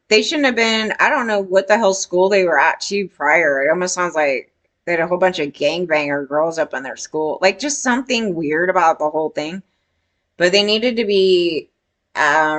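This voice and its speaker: A woman's voice: lowish voice, fairly bright tone. A woman giving casual opinion commentary in a blunt, rambling way, swearing freely.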